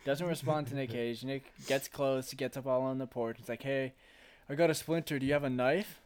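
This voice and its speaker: A man's voice: medium pitch, steady tone, normal speed. A man in casual chat recapping a film, laughing often, swearing freely and acting out lines of dialogue.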